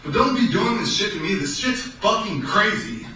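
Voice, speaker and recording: A man's voice: sits high, expressive, normal speed, sharp tone. A young man in his apartment, rambling in an agitated, aggrieved way, repeating himself and swearing. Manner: agitated, aggrieved, repetitive, profane. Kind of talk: rambling monologue. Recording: echoey room from far off, faint noise.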